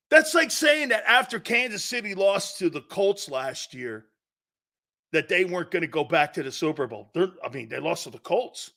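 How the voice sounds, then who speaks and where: Brash male sports radio host, fast-swinging opinions, bright forceful tone, higher-pitched voice. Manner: brash, excitable, laughs often, needles his co-hosts. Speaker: sports talk show host.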